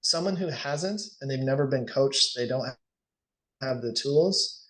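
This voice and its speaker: A man coaching on sales, lively and acting out the dialogues he describes. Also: medium pitch, a little slow. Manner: animated, acts out sales dialogues. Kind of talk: casual coaching session.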